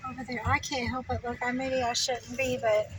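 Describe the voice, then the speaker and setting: A woman narrating her drive in hushed, shocked exclamations from inside a car. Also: a little high, flat delivery, brisk, distant mic, rough recording. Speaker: vlogger. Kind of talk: driving commentary. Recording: clear road noise in car. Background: road and vehicle noise.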